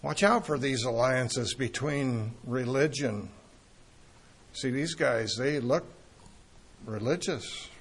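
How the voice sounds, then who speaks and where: Gravelly-voiced man preaching a sermon. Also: mid-range voice. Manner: earnest, emphatic, with pauses and restarts.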